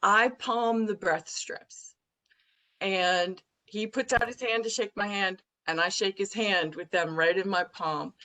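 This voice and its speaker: A woman guest on a business podcast, telling an anecdote in an animated, blunt way. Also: medium pitch, measured pace, poor audio. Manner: colorful, blunt phrasing. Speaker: guest, recruiting firm president. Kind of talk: podcast interview storytelling.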